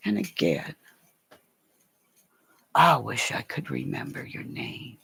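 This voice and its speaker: Woman streamer, unhurried rambling storyteller, gravelly edge, close dry mic; swears freely and drifts into imitations. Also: very deep voice, very animated, fairly bright tone, no room sound. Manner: rambling, profane, slips into mimicking voices. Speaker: live-stream host.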